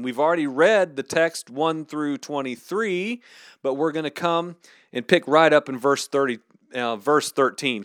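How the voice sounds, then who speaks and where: A podcast host teaches through a Bible passage in a casual, conversational way, dropping slangy asides. His voice sits on the high side, captured as clean studio sound with no echo.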